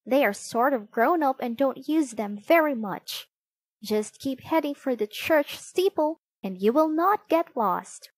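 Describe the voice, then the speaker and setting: A woman voicing a cheerful, helpful young girl, speaking slowly in a bright, eager way. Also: high-pitched, expressive, no room sound, voice pushed up.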